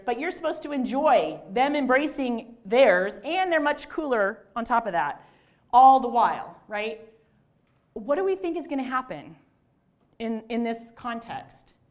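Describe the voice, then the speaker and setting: A middle-aged woman, a religious studies scholar, giving a conversational lecture to an audience, with self-deprecating asides and restarts. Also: sits high. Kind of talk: lecture talk to a live audience.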